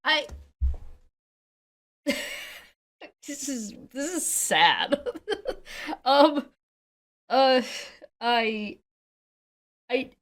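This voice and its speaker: A woman from Canada reacts to clips on a stream with blunt, sarcastic commentary. She talks at an unhurried pace in a slightly high voice, and her swearing grows into angry shouts. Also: animated.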